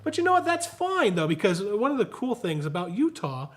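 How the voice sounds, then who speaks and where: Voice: mid-range voice, sing-song, a little fast. Gushing, enthusiastic interview host. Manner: gushing, enthusiastic, restarts mid-sentence. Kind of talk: casual interview chat.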